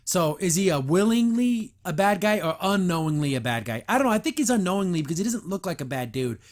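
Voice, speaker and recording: A man hosting a podcast, reviewing a cartoon episode in an animated, chatty way, often laughing and restarting. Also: high-pitched, fast. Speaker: podcast host.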